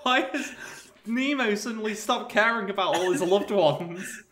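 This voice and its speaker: A man's voice: high voice, normal speed, fairly bright tone. A man co-hosting a comedy podcast, chiming in with dry, teasing jokes. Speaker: podcast co-host. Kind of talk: casual comedic banter.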